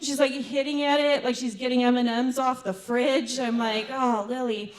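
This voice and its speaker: A middle-aged woman performing a stand-up comedy set, chatty with quick asides and laughing at her own jokes. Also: high-pitched, level tone.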